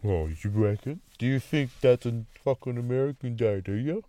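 A man's voice: medium pitch, moderate pace, warm tone, dry recording. A man, co-hosting a podcast in casual, joking chat full of swearing and teasing. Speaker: podcast co-host.

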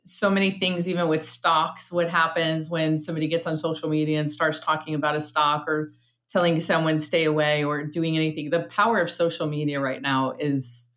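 A woman's voice: low voice, level tone, moderate pace, a bit bright. A woman hosting a podcast interview, chatty and upbeat, often restarting her sentences as she goes. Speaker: podcast host. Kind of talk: casual interview chat.

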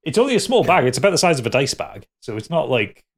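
A man's voice: medium pitch, sing-song, fast talker. A man narrating and running a tabletop role-playing game for friends, describing scenes in a rambling, casual way. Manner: rambling, restarts mid-sentence, laughs with players. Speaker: game master.

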